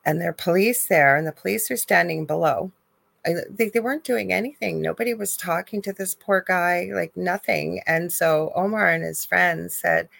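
A woman's voice: on the low side, moderate pace, vocal fry, fairly bright tone, no room sound. A woman co-hosting a live talk show, telling a story with strong emotion and animation. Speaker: co-host. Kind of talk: live call-in chat.

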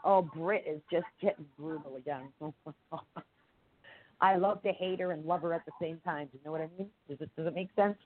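A man co-hosting a podcast in casual chat, excitable and playful, with a stuffy nose that makes him sound nasal. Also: on the high side, no echo. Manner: excitable, playful, quick to interject. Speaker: podcast co-host. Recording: tinny phone-line sound.

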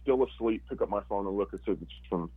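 A man's voice: fairly low pitch, quick pace, husky, no room sound, narrow, tinny audio. A man, a former football player, telling his story casually and animatedly, acting out quotes with lots of fillers.

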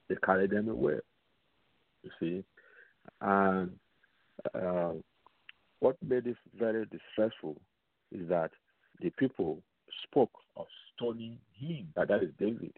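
A man teaching from the Bible on a radio program, slow and repetitive, putting rhetorical questions to his listeners. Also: fairly low pitch, creaky, slightly rough, no echo. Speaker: radio preacher. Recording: tinny phone-line sound, dry.

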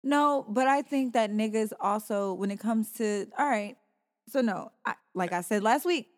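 A woman's voice: on the high side, moderate pace, long reverb tail. A woman co-hosting a podcast, pushing back emphatically in casual, profane debate. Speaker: podcast co-host. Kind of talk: casual opinionated chat.

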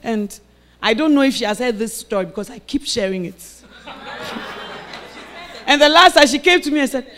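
A woman preaching with a storyteller's flair, moving from quiet recounting to loud, shouted calls to the congregation. She plays out the voices of the people in her story as she goes. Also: high voice, lively intonation, normal speed, long pauses, a faint crowd, slight background noise. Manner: storytelling, acting out quoted voices, rising to shouted exhortation. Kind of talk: sermon with personal story.

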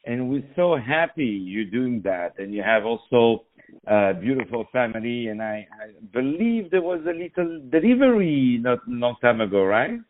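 A man's voice: mid-range voice, very animated, normal speed, phone-quality sound. A man hosting a radio show, greeting and interviewing a guest in an effusive, theatrical way. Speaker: radio host.

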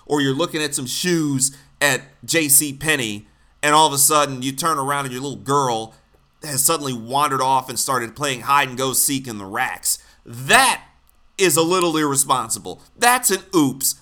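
A man's voice: on the high side, expressive, normal speed, sharp tone. A man delivering a blunt, exasperated, profane ranting commentary.

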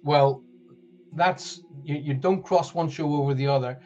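A man's voice: fairly high pitch, unhurried, darkish tone. A man with a Northern Irish accent hosting a live-streamed spiritual show in a chatty, rambling way, with many fillers and restarts. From Northern Ireland. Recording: dull lo-fi stream audio.

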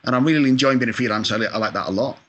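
A man's voice: mid-range voice, racing, fairly bright tone, lo-fi sound. A Scottish-born man, a video game composer, chatting casually in an interview, full of fillers, mild swearing and self-deprecating asides. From Scotland. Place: lives in California.

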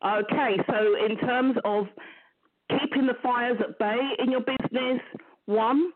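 A woman's voice: fairly high pitch, steady tone, unhurried, background noise. Upbeat London woman on a tinny line. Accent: London English. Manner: chatty and upbeat, playful. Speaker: guest business mentor. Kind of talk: casual chat.

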